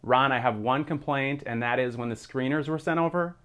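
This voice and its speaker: A man's voice: mid-range voice, fairly quick, a bit bright, smooth. A man hosting an interview, asking questions in an upbeat, enthusiastic way. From Minneapolis area. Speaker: interviewer host.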